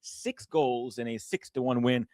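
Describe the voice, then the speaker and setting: A man co-hosting a podcast in casual sports chat, steady and stat-driven. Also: mid-range voice, unhurried, dry recording, studio quality. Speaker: podcast co-host.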